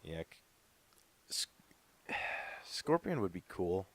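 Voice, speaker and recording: Low-voiced young guy, rambling. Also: very animated, slow pace, fairly bright tone. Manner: rambling, lots of "like" fillers. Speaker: podcast co-host. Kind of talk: casual chat.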